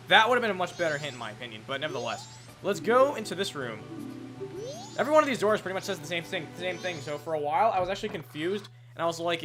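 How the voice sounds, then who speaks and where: A young man casually commentating a video game, wry and rambling, with the odd swear and aside. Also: on the high side. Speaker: let's play commentator. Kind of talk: game commentary, reading dialogue aloud.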